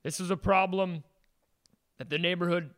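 Improv comedy: a man plays an earnest guy telling his story, high and bright. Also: steady tone, normal speed. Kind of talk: improvised comic storytelling in character.

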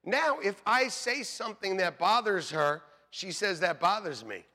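A man preaching a sermon, loud and animated, telling jokey stories about his marriage and calling out for amens from the congregation. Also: high-pitched, measured pace. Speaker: pastor. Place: church sanctuary.

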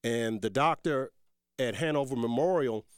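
A man's voice: mid-range voice, moderate pace, smooth, dry recording, clean studio sound. A man hosting a talk radio show, folksy and rambling, calling his listeners folks and growing emphatic and heated as he argues.

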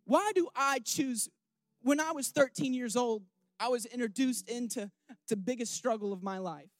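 A young man preaching a candid sermon, rambling with restarts and questions to his listeners, swinging from hushed emotion to loud rousing calls. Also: very high-pitched, moderate pace, no room sound.

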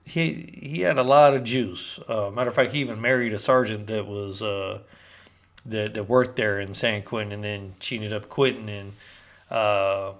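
A man's voice: on the low side, steady tone, moderate pace. A man from Northern California telling a rambling personal story in casual, slangy street talk. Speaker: storyteller recounting prison life.

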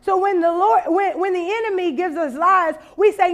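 A woman's voice: very high-pitched, moderate pace, few pauses. A young woman from Louisiana, giving a conference talk that mixes funny anecdotes with preaching, laughing and acting out voices. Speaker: conference speaker. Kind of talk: storytelling sermon.

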